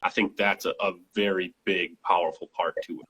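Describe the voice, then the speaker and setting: A man hosting an interview, asking questions in a measured, thoughtful way and circling back over his words. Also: sits low, flat delivery, sharp tone, husky, low-quality recording. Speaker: interview host.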